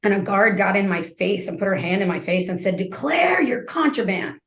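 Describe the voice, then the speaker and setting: A woman in her fifties tells her story as a podcast guest. She is a lively storyteller who acts out each scene, heard in a roomy, echoing space. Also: medium pitch, quick pace.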